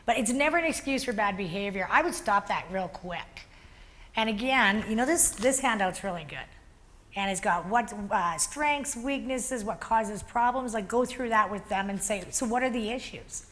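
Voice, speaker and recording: A woman leading a workplace workshop, explaining ideas and telling animated stories to a group in a meeting room. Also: mid-range voice, moderate pace. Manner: animated storytelling with acted-out quotes. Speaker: workshop facilitator. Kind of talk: workshop teaching.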